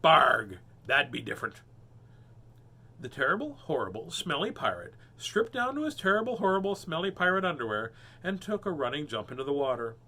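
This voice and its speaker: A man hosting a storybook reading, animated and cracking puns between pages. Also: on the high side, fast talker. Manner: animated, punning and joking. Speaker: host reading children's books. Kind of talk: storybook read-aloud with joking asides.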